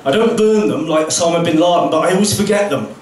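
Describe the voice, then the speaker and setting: A man doing a deadpan stand-up comedy set with crude punchlines at a pub comedy night. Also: fairly high pitch, fast talker. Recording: roomy, distant pub recording with background noise.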